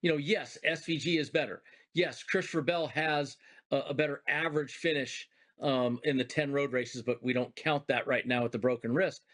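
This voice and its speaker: A man's voice: mid-range voice, steady tone, moderate pace, a bit bright. A man who is a former driver giving racing picks on a betting talk show over a remote call, speaking in an emphatic, enthusiastic way.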